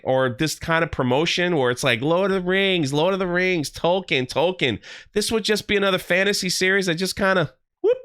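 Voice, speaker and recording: A man hosting a casual online review, talking bluntly and sounding exasperated as he retells scenes with quick voiced asides. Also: sits high, bright, forceful tone, clean tone. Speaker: YouTube show host reviewing a TV series.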